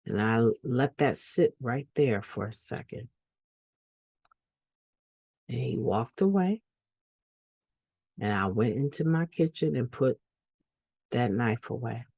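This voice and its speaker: A woman's voice: extremely low pitch, animated, takes it slowly, creaky, pauses often, warm tone, husky, no echo. A woman giving an earnest personal testimony at a recovery meeting, repeating phrases for emphasis.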